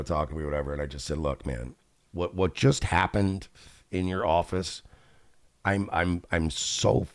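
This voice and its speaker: In a dry, studio-quality recording, a deep-voiced man hosts a radio show. He rants through a profane, exasperated story, acting out both sides of the conversations.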